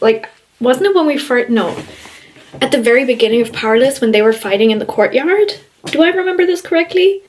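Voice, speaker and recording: A woman's voice: fairly high pitch, a little mellow, a little hiss or hum. A woman vlogging her reading, giving a gushing, emotional running commentary full of laughter. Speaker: book vlogger. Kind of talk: casual reading vlog reactions.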